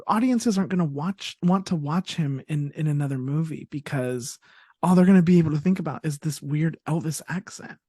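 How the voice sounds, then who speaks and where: A woman's voice: low voice, brisk, warm tone, husky, no echo, clean studio sound. A woman co-hosting a podcast in casual chat, rambling, laughing often and restarting her sentences. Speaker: podcast co-host.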